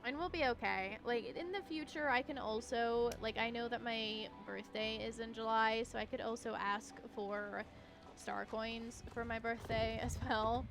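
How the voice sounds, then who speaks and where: A woman's voice: fairly high pitch, steady tone, unhurried, gravelly. A young woman streaming a horse-riding game, chatting casually and giggling as she talks to her horse, with faint game music behind. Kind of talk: casual gameplay chat.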